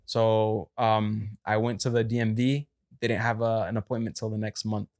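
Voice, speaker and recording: A man's voice: on the low side, little pitch movement, normal speed, darkish tone. Easygoing young man chatting. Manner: easygoing, lots of fillers like "yeah" and "like". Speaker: podcast co-host. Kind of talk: casual chat.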